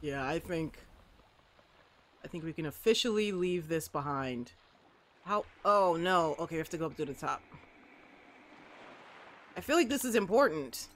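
A woman commentating as she plays a video game, talking to the objects on screen and swinging between mopey asides and excited outbursts. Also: deep voice, normal speed, long pauses, a little hiss or hum. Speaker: gamer. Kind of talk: let's play commentary.

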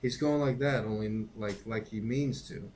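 A man's voice: lowish voice, normal speed, darkish tone, slight background noise, close to an everyday voice. A man reading a novel aloud, voicing a worried, earnest boy who insists he is telling the truth. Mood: insistent.

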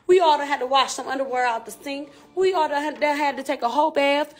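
A woman's voice: high voice, fast talker. A woman rapper, talking candidly and emphatically on a live stream in repetitive street slang.

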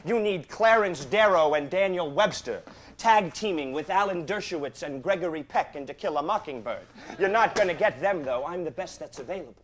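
Guy doing a slick smug lawyer type, fast glib talk, kinda high-ish voice. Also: animated, a little hiss or hum, natural voice. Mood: persuasive. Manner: glib, condescending, fast-talking. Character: slick smarmy male Los Angeles lawyer. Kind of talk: stage drama acting.

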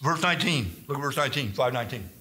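A man teaching a Bible study, telling stories and acting out scripture in a rambling, animated way. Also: medium pitch, quick pace, reverberant.

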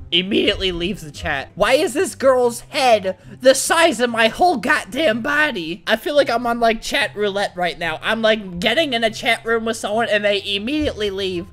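A young man giving excitable, foul-mouthed comedic commentary while playing a game, often bursting into laughter. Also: very high-pitched, moderate pace, few pauses, soft background music. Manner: excitable, swears a lot, frequent laughing outbursts. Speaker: gaming YouTuber. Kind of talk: comedic let's-play commentary.

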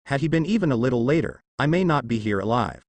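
A man voicing a calm young male ninja leader who speaks in a measured, firm way, in a story reading. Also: mid-range voice, no room sound, natural voice.

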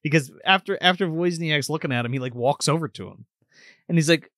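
A man's voice: fairly high pitch, fairly quick, no echo, clean studio sound. A man co-hosting a casual, profane movie recap and acting out scenes as he goes. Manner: profane, animated, acts out scenes. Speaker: podcast co-host.

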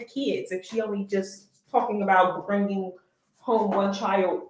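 Woman doing reaction commentary, sassy and skeptical, echoey room, mid pitch. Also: steady tone. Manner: sassy, skeptical, drawn-out asides. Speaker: reaction channel host.

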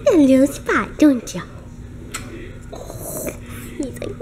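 High, lively woman cooing at pets. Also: slow pace. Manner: cooing baby talk to pets. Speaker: vlogger. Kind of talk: casual home vlog. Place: home indoors. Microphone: handheld camera. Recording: noisy home camera audio.

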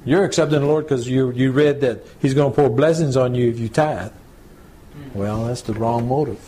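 A male pastor giving a conversational Bible teaching, checking in with listeners and slowing down to read scripture aloud. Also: mid-range voice, dark tone. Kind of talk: home church Bible teaching.

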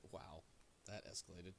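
A man's voice: low voice, creaky, a bit bright. A man streaming a game with friends, joking around and laughing often in casual chat.

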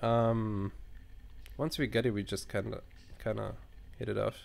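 A man's voice: on the low side, steady tone, a little slow, gravelly, long pauses. A man giving casual commentary while playing a game at home, reading choices aloud, musing over them and swearing often. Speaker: let's player.

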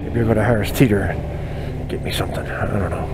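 A man's voice: on the low side, brisk. A man in his forties telling self-mocking stories while riding a motorcycle, recorded on a helmet mic. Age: 40s. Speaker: motorcycle vlogger. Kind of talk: casual storytelling while riding. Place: on a motorcycle in city traffic outdoors. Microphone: helmet-mounted mic. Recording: loud traffic and road noise.

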